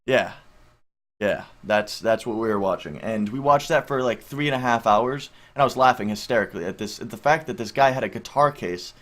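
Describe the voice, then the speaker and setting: A man's voice: medium pitch, brisk, a bit bright. Rambling young man telling a story. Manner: rambling, heavy on filler words, swears casually. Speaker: vlogger. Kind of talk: casual storytelling.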